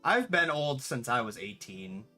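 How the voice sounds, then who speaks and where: Late-20s livestreamer, sharp bright tone, loose animated storytelling, cusses casually. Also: medium pitch, a little slow, soft background music. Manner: animated storyteller, swears freely, answers chat aloud. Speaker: streamer and game developer.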